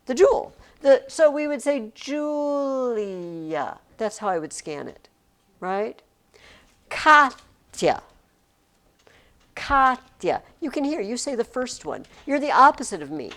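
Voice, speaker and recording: A woman's voice: fairly high pitch, very animated, normal speed. A woman teacher talking to her class in a chatty, rambling way, often breaking off mid-sentence. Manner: chatty, rambling, self-interrupting.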